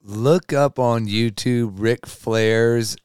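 A man co-hosting a podcast in hyped, animated casual chat with drawn-out emphasis. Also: mid-range voice, clear, resonant tone, no room sound, clean studio sound. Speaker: podcast co-host.

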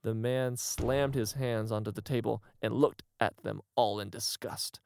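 A man narrating an absurd comic story in a mock-grand, deadpan manner. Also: mid-range voice, unhurried, gravelly, no room sound, clean studio sound.

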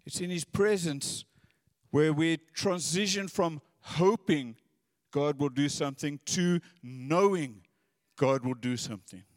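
A man's voice: on the high side, unhurried, no echo, clean studio sound, in a large hall. A man preaching a sermon in an earnest, conversational way, often repeating his words.

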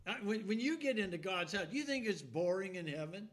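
Here a man delivers a sermon like a folksy, spirited story, regularly breaking into laughter as he mimics a shouting congregation. His voice is high and his delivery fairly quick.

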